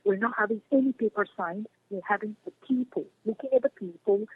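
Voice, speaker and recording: A woman's voice: mid-range voice, brisk, husky. A woman, a guest speaking earnestly and passionately over the phone, repeating her key phrases. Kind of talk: phone interview. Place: home in Germany. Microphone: phone line. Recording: tinny phone line.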